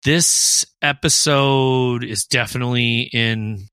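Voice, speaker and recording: A man's voice: medium pitch, slow pace, pushed and bright, clean tone, no echo, clean studio sound. A man with a Midwestern accent co-hosting a podcast in casual chat, rambling and thinking aloud. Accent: Midwestern American. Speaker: podcast co-host.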